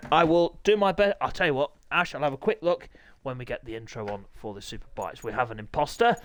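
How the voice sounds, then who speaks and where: A man hosting and commentating a sim racing league, chatty and jokey, teasing the riders and clearing his throat often. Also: mid-range voice, a bit bright, no room sound. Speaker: race commentator and league host.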